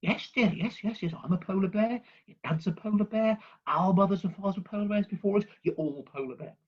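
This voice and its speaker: A man voicing a patient mother polar bear who gently reassures her cub, in a joke told during an online talk. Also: high-pitched, fairly quick, husky, highs cut off, voice pushed up. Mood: soothing.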